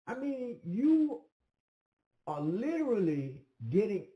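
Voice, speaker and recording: In a roomy, echoing space, this commentator recounts something from his own life, his fairly high voice mellow yet very animated. He goes slowly, pausing often and wandering through many hesitant fillers.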